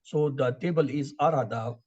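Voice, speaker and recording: A man teaches an online class and recites word lists in steady drills. His voice is husky, and the audio is muffled and low in fidelity. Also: normal speed. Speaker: Quran and Arabic teacher.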